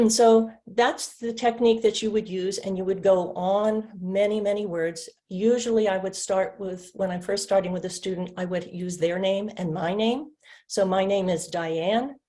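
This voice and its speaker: A woman presenting a literacy webinar, patiently explaining and modeling words slowly for students to repeat and clap. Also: mid-range voice, steady tone, mellow. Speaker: literacy instructor. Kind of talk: webinar teaching demonstration.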